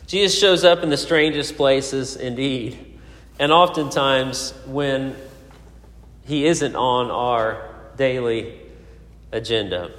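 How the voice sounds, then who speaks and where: Male preacher, mid-pitched, storytelling sermon with hesitant fillers, roomy echoing sanctuary. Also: slow pace, a bit bright. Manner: storytelling with frequent fillers and restarts. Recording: echoey hall.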